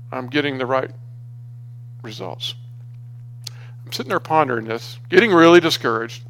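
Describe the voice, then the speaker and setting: A man preaching in a conversational storytelling way, often restarting his sentences. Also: fairly high pitch. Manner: conversational, restarts often, grows animated when exasperated. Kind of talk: storytelling sermon.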